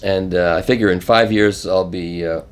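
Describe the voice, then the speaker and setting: A man's voice: sits low, moderate pace. Older man telling anecdotes. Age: 70s. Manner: animated, acts out quoted voices, chuckles. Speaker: interview guest. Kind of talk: casual anecdotal storytelling.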